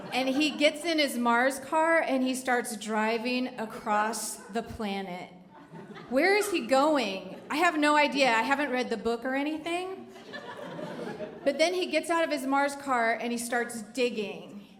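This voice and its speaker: Speaking in a slightly high voice, a middle-aged woman shares a true story with a live audience at a venue, keeping it wry, chatty and full of jokes. The echoey hall recording carries a little hiss or hum.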